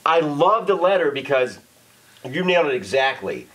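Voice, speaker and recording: A man with a slightly high voice hosts a casual sports debate. He argues with energy and blunt, profane candor, pressing his point without polish. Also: moderate pace, low-quality recording. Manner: animated, argumentative, profane. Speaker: sports debate show host.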